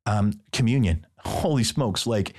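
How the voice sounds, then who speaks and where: Man, priest, very low voice, casual storytelling, playful, acts out dialogue. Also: lively intonation, unhurried, a little mellow. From Midwestern United States. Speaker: priest guest.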